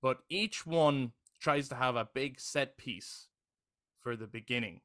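A man's voice: mid-range voice, measured pace, a bit bright. A young adult man co-hosting a podcast in casual chat, enthusiastic and casually swearing, often checking in with "right?". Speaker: podcast co-host.

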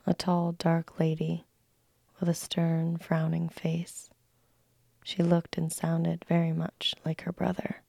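A woman narrating a classic story in a soft, slow unvoiced whisper, a whispered role-play read close to the mic. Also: sits low, completely flat delivery, creaky, no room sound.

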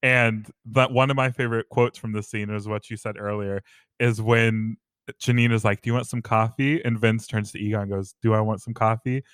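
A man's voice: on the low side, fairly even intonation, normal speed, a bit bright, smooth, dry recording, studio quality. A young man joking playfully in a casual film discussion. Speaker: podcast co-host.

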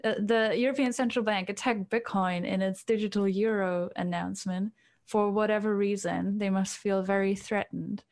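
A woman's voice: medium pitch, steady tone, moderate pace, darkish tone. A woman co-hosting a podcast, talking casually and explaining at length with fillers. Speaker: podcast co-host. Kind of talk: casual chat.

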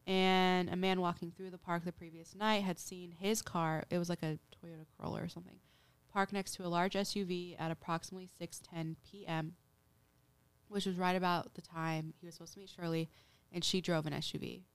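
A woman's voice: lowish voice, level tone, brisk, clean tone. A woman hosting a casual podcast, retelling a true-crime case in a chatty way with lots of "like" and acted-out quotes. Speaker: podcast host.

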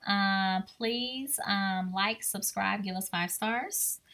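A woman hosting a podcast in animated, playful banter. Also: mid-range voice, slow. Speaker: podcast host. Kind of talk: casual chat.

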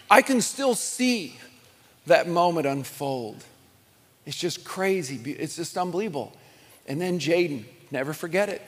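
A middle-aged man preaching a sermon, telling stories in a conversational, animated way with chuckles and restarts. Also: high voice, long reverb tail. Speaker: pastor.

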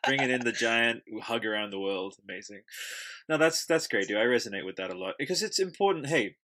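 A laid-back man hosts a casual podcast, swearing freely and encouraging his guests. His voice is notably bright and sits at a middle pitch. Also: animated, brisk. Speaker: podcast host.

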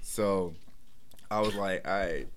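A man's voice: low-pitched, slow pace. A young man telling a story in a casual podcast chat, easygoing and laughing as he goes.

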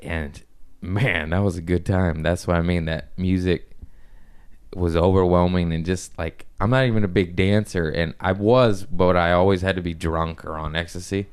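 Smooth low-voiced man telling stories. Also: moderate pace. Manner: loose storytelling, swearing, lively impressions in quotes. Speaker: comedian podcast host. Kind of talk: casual chat.

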